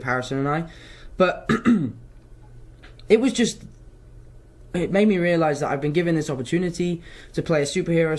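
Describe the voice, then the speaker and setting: Answering fans in a casual live Q&A, a young man from London speaks with an English accent in a voice on the high side, slightly above the typical male range. Cheerful and loose, he rambles and keeps wandering off topic.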